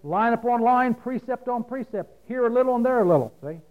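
A man's voice: very high-pitched, expressive, fairly quick. A preacher giving a folksy, conversational sermon, often asking his listeners "See?". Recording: dull lo-fi sound.

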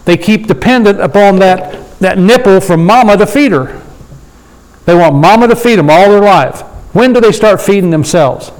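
A man leading a Bible study sermon in a conversational way, slowing down to read scripture and often asking his listeners for agreement. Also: sits high, poor audio. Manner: conversational, asks the room for agreement; slows down to read scripture aloud. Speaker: preacher.

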